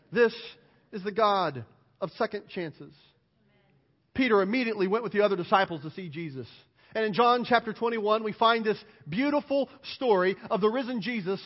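A man preaching a sermon, telling the story with animated delivery and acting out the dialogue. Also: very high-pitched. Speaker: pastor. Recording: dull sound with long hall reverb.

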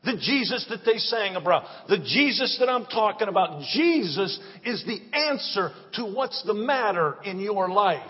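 A male pastor preaching an excited sermon, with call-and-response lines and drawn-out phrases. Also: sits high. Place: church sanctuary. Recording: dull sound, long church reverb.

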